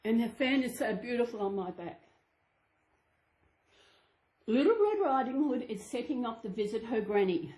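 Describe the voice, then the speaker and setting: A woman's voice: a little high, lively intonation, normal speed, long pauses, a little mellow. A woman channel host reading a children's storybook aloud to her dolls, sing-song with chatty asides. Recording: echoey room.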